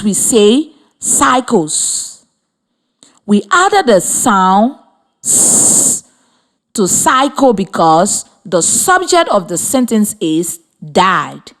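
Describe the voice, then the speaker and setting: A woman from Liberia teaching a reading lesson by radio, speaking slowly and clearly with encouraging questions to the children. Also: fairly high pitch, very animated, a bit bright.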